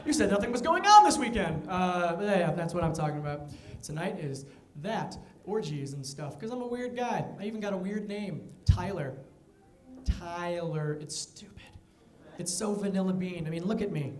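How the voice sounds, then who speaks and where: A young man performs a stand-up set in a conversational style, tossing off quick asides. His voice sits high, and the room around him rings with echo. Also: a little mellow. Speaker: stand-up comedian. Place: comedy venue with live audience.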